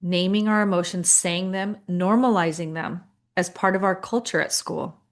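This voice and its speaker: Middle-aged woman, lower register, chatty leadership coach who acts out inner thoughts. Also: fairly even intonation, moderate pace. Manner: conversational, acts out inner voices, lots of fillers. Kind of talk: coaching talk to school leaders.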